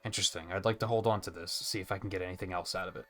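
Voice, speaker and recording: A man's voice: sits low, fairly even intonation, racing, a bit bright. A man reading aloud the lines of a weary exiled clan survivor in a video game, in a plain, thoughtful tone. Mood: reflective.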